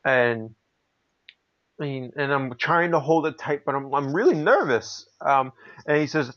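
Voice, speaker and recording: A man co-hosting a casual podcast, rambling through anecdotes with frequent restarts. His voice sits at a middle pitch. The recording sounds slightly dull and lo-fi. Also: lively intonation, unhurried, a bit bright. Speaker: podcast co-host.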